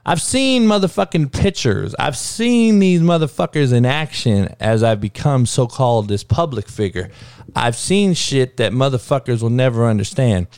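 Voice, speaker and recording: A man's voice: medium pitch, animated, moderate pace, a little mellow, clear, resonant tone, dry recording, studio quality. A man hosting his own talk show, ranting heatedly and swearing constantly in street slang. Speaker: sports talk show host. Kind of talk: unscripted profane rant.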